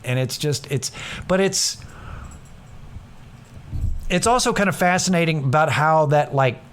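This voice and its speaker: A man's voice: a little high, expressive, a little slow, clear, resonant tone. A young man hosting a casual solo podcast, rambling and self-deprecating, swearing freely and acting out what others said. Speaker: podcast host.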